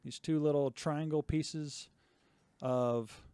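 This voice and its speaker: A man's voice: fairly high pitch, steady tone, slow, dark tone, smooth, no room sound, clean studio sound. A man co-hosting a casual podcast, explaining his hobby project in a methodical, detailed way and listing things off one by one. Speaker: podcast co-host. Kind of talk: casual chat.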